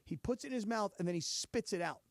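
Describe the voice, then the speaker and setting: A man hosting a radio sports talk show, telling stories in relaxed, unhurried studio banter. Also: sits high, no echo. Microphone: studio microphone.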